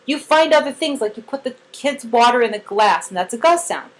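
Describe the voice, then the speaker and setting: Animated woman explaining with acted-out quotes. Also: a little high, brisk, rough recording. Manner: animated storyteller acting out quotes, many "like" fillers; cheerful voiced praise bursts. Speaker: therapy trainer. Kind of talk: casual training talk.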